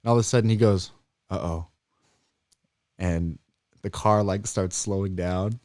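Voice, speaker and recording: Animated young man telling a spooky story. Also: normal speed, dry recording, studio quality. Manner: animated storyteller who jumps high and loud when acting out scared voices. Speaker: podcast co-host. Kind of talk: casual storytelling chat.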